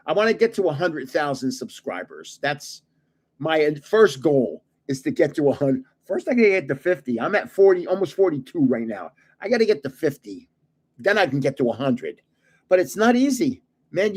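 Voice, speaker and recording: Older guy chatting on his live stream, rambly, laughs a lot, voice sits kinda high. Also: a little mellow. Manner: rambling storyteller, chuckles often. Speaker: channel host giving away trading cards. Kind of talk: casual livestream chat.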